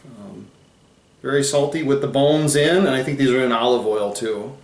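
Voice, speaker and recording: A man hosting a food tasting video, chatting casually while he explains facts read off the packaging. His voice sits at an ordinary middle pitch. The room around him is echoey. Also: moderate pace. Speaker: host of a food challenge channel. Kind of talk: casual chat.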